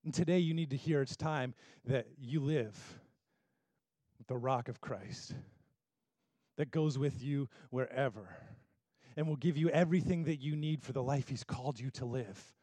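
A man's voice: medium pitch, normal speed, warm tone, no room sound. A man preaching a sermon who talks animatedly and acts out the voices of the people he quotes. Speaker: pastor.

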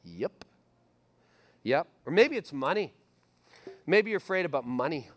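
A middle-aged man preaching a sermon as pastor, animated and repetitive, acting out his listeners' inner voices. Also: fairly high pitch, measured pace.

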